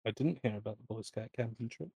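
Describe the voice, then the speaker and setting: A man's voice: medium pitch, fast talker, gravelly, dark tone, breathy edge. A man co-hosting a casual podcast, rambling and swearing freely as he tells a joke story. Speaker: podcast co-host.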